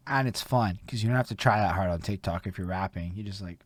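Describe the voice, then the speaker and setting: Young canadian dude hosting, hyped and swearing a lot, dry close sound. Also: male voice, sits low, fast, no echo. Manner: excitable, swears a lot, heavy use of "like". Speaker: interview host. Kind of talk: casual chat.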